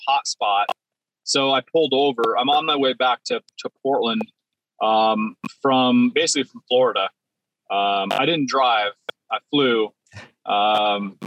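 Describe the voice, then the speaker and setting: Sitting in the driver's seat of his parked car, a man chats casually as a podcast guest, rambling and self-deprecating. His mid-range voice is a bit bright, with no echo but poor audio quality.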